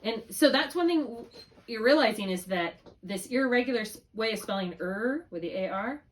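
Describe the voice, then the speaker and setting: A woman's voice: fairly high pitch, lively intonation. Patient woman tutoring spelling. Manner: encouraging, patient, drawn-out modeling of syllables. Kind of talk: one-on-one spelling lesson.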